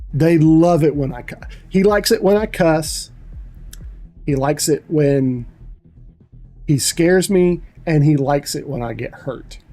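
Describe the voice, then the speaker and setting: A man's voice: fairly high pitch, darkish tone. A middle-aged man chatting casually on a livestream, telling rambling, profane stories. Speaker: livestream host. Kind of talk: casual chat.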